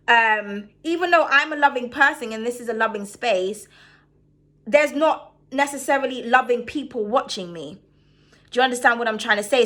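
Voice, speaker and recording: Bright-voiced woman vlogging. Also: a little high. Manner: rambling, many fillers like "like" and "um", frank. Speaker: spiritual YouTuber. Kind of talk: casual talk to camera.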